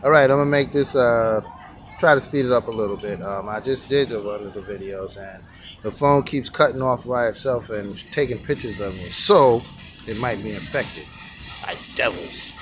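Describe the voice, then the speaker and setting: A man's voice: mid-range voice, normal speed, a bit bright. A man running a sidewalk tea stand, casually teaching characters in a rambling vlog and counting strokes aloud. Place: outdoor sidewalk stand by a street.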